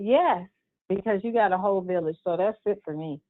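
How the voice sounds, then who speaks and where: A woman's voice: mid-range voice, a little fast. A woman minister encouraging listeners in a sermon-like, repetitive, exhorting cadence. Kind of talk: preaching-style encouragement. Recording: tinny phone line.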